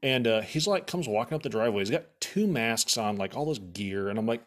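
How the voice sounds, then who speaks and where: A man's voice: mid-range voice, fairly quick, few pauses. A man casually telling a rambling story, swearing freely and filling it with "like.". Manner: profane, rambling with many "like" fillers; animated, exasperated retelling.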